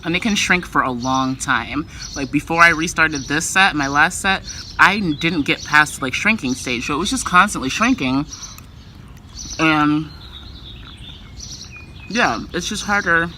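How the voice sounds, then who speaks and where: A woman's voice: low voice, unhurried, pauses often, bright, forceful tone, a little hiss or hum. A woman vlogger talking in a casual, loose way, full of filler words. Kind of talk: casual vlog chat.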